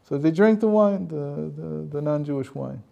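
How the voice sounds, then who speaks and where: A man's voice: on the high side, normal speed, creaky, warm tone, dull audio. A man, a rabbi and teacher, telling a story in a conversational lecture with frequent chuckles.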